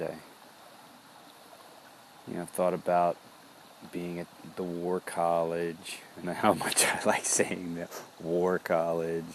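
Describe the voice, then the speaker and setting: A man with a very low, deep voice talks through a reflective body-awareness check-in. He speaks slowly and introspectively, often pausing and restarting as he searches for words. There is a faint hum of noise behind him. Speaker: founder of a wellness business.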